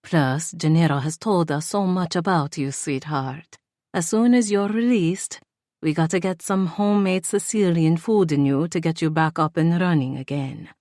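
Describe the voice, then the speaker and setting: A woman's voice: low voice, moderate pace, darkish tone, no room sound, studio quality, lightly acted. A woman reading an audiobook, voicing a middle-aged Italian aunt who fusses over her nephew's girlfriend in a motherly way. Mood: doting.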